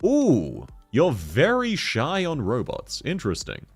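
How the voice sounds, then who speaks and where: A man's voice: medium pitch, huge pitch swings, slow pace, breathy edge, soft background music. A young man chatting casually on a game livestream, joking, laughing often and reading chat messages aloud. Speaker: streamer.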